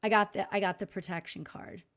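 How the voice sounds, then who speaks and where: A woman hosting a live psychic reading stream, speaking gently and reassuringly with many pauses and fillers. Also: mid-range voice, steady tone. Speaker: spiritual medium host.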